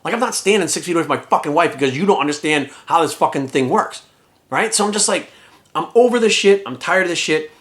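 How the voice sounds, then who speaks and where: A man and fitness vlogger delivering a heated, profane rant to his viewers, swearing often and talking in a rapid-fire rush. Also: on the high side, expressive, a bit bright. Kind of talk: ranting vlog monologue.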